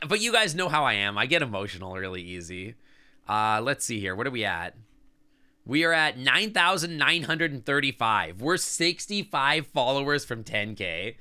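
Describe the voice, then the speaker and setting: A man's voice: mid-range voice, bright, forceful tone, clear, resonant tone. A man streaming live, chatting casually and sentimentally to his chat, rambling with lots of "like" and "I don't know". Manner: reads and answers chat as he talks.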